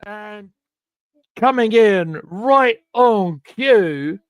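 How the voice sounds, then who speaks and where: A man hosting a casual football chat stream over a video call, chatty and excitable, with lots of stumbling restarts. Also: sits high, very slow, smooth, dry recording, dull audio. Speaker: host. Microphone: home computer mic on a video call.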